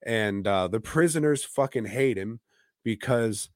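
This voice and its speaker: A man's voice: lowish voice, a little slow, no echo, studio quality. A man co-hosting a podcast, retelling a film in a rambling, profane way with lots of fillers. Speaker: podcast co-host. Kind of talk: casual comedic chat.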